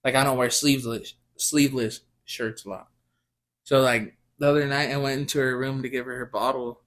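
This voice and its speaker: A man's voice: mid-range voice, level tone, fairly quick, a bit bright. A man, a podcast co-host and father, telling a story in a laid-back, slangy way. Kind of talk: casual chat.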